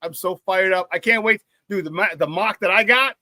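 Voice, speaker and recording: Animated high-voiced male sports host. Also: normal speed, dry recording. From Chicago area. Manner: animated, repeats himself, laughs often. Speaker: sports talk radio host. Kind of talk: casual sports talk, reading live chat.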